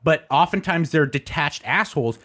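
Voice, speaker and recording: A man's voice: a little high, expressive, normal speed, a bit bright. A man co-hosting a podcast in casual chat, crude and boisterous, laughing often. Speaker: podcast co-host.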